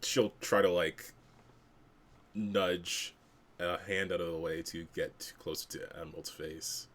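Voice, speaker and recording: A man speaking as a player in a tabletop game, talking slowly in a gentle, earnest way. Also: sits low, steady tone.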